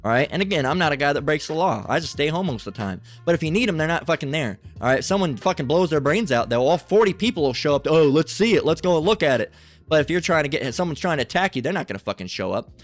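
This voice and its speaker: Fast-talking guy ranting and swearing, kinda high voice, music faint behind. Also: expressive. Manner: profane, ranting, restarts often. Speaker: channel host. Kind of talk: angry commentary on a clip. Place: lives in Las Vegas.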